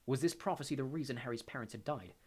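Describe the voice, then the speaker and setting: A man reading a fantasy audiobook aloud in a steady, measured narration. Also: medium pitch, husky.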